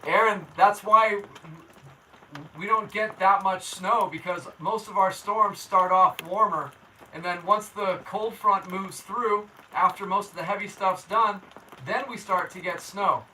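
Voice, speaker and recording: A man with a high, very bright voice hosts a casual livestream from home. He talks to his viewers in a laid-back, slangy way and reads their comments aloud. The mic sits a little away from him, and faint noise runs underneath. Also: fairly even intonation, measured pace, recorded from a distance, rough recording. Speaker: local weather livestream host. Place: indoors at home.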